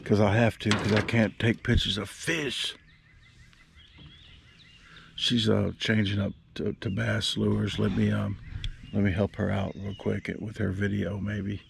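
A man's voice: lowish voice, flat delivery, a little slow, creaky, slight background noise. A man rambling and joking to his camera while fishing from a small boat on a lake. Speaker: vlogger. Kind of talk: casual fishing vlog chat. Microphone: action camera.

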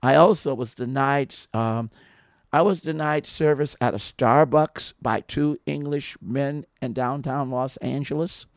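A man talking in a casual, rambling monologue, telling stories with many restarts and growing louder when aggrieved. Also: medium pitch, measured pace, no room sound, studio quality. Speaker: podcast subject telling stories.

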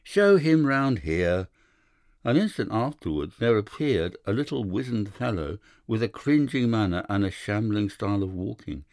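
A man narrating a classic first-person story for an audiobook, measured and even. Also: lowish voice, dry recording, clean studio sound.

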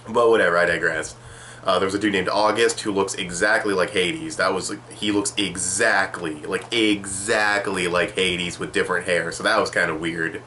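Low bright-voiced sarcastic young man. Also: slight background noise. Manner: rambling, sarcastic, swears casually. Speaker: manga reviewer. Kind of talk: casual video review.

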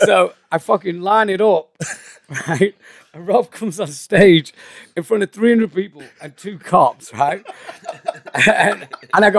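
An English comedian telling stories in casual chat, animated and swearing often. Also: male voice, high voice, moderate pace, creaky, no echo, studio quality. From England. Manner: animated, laughing, swears a lot. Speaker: comedian guest.

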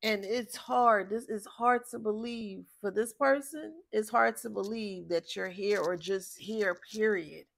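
A gravelly, mid-range voice, a little slow and with few pauses, belongs to a tarot reader from Philadelphia. She gives a casual spiritual reading bluntly and profanely, sounding exasperated and wandering off topic.

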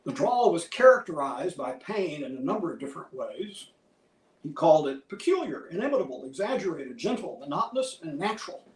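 A man giving a museum lecture in a measured, scholarly way, citing many quotations. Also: on the high side, sing-song. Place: lecture hall. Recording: roomy hall, from a distance.

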